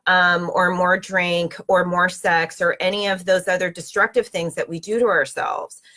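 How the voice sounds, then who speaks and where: A woman's voice: fairly low pitch, fairly even intonation, normal speed, sharp tone. Earnest woman giving spiritual encouragement. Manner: earnest, repeating affirmations; speaks straight to listeners as sisters. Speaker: inspirational host. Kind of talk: spiritual motivational talk.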